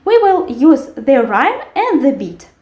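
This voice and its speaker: A woman teaching a language lesson, carefully repeating words slowly for learners. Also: high voice, big pitch swings, darkish tone, lo-fi sound. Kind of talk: language lesson with word drills. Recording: echoey room.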